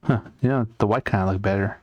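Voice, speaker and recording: A man's voice: lowish voice, fast talker, no echo, muffled recording. A young man casually chatting with his chat while drawing on a live stream, rambling and answering comments as he works. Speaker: art streamer.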